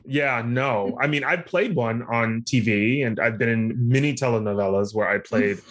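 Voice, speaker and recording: A man's voice: mid-range voice, normal speed. Chatty man on a film podcast. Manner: chatty, rambling, many fillers and restarts. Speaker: podcast co-host. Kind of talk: casual chat.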